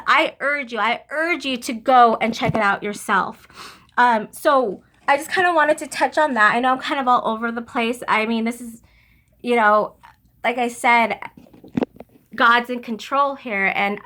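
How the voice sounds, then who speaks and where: Earnest young woman giving a halting testimony. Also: a little high, sharp tone. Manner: halting and earnest, many restarts and fillers. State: emotional, near tears. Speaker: vlogger sharing religious testimony. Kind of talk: emotional personal testimony.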